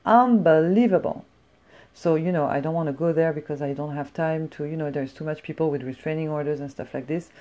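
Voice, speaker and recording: A middle-aged woman from France telling a blunt, profane story in a casual, animated rant. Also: low voice, brisk. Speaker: vlogger.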